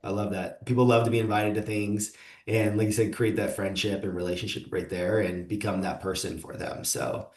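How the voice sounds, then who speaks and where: A man's voice: lowish voice, little pitch movement, brisk. A man hosting a casual interview, enthusiastic and affirming, laughing easily. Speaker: interview host. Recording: echoey room.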